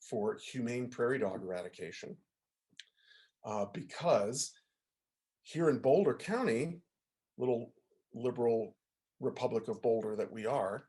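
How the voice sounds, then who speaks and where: With a lowish, slightly mellow voice, this music professor delivers an informal lecture via video call. He keeps the talk conversational and keeps asking "right?" and "okay?" to get his audience to confirm.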